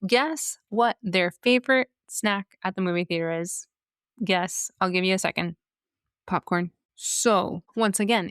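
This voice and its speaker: A woman's voice: mid-range voice, unhurried, a bit bright, clean tone, dry recording, clean studio sound. A woman hosting a podcast, talking casually and sarcastically with rhetorical asides. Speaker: podcast host. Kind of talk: casual commentary.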